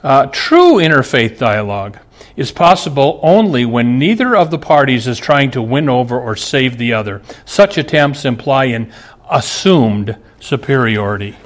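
A middle-aged male pastor preaching a sermon, earnest, asking the congregation rhetorical questions. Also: mid-range voice.

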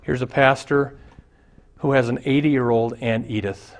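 A man's voice: medium pitch, fairly even intonation, unhurried. Male pastor, mid-range voice, storytelling sermon delivery. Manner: storytelling preacher, acts out voices in jokes.

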